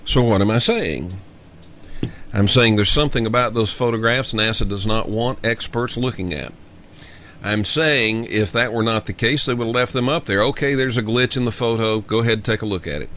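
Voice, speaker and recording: A man hosting a show, giving an emphatic solo commentary and slowly repeating his key lines for effect. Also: on the low side, a bit bright, a little hiss or hum. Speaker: show host. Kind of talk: monologue commentary. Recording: dull lo-fi audio.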